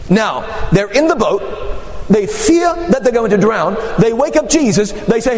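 Animated preacher man in an echoey hall. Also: very high voice, brisk. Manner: animated storytelling with acted quotes. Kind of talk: sermon. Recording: echoey hall with long reverb.

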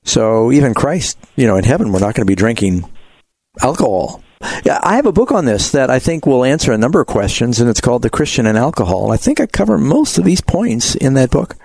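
A man's voice: mid-range voice, very animated, fairly quick, vocal fry, a little mellow, husky, no room sound. A man hosting a call-in Bible radio program, answering callers' questions and reading scripture aloud. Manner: explanatory, reads scripture aloud.

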